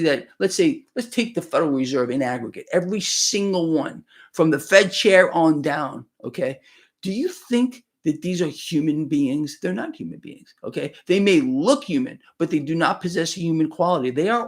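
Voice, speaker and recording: A man hosting a live stream, talking emphatically and preachily and often checking in with "okay?". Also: a little high. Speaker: livestream host. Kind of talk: casual live-stream talk.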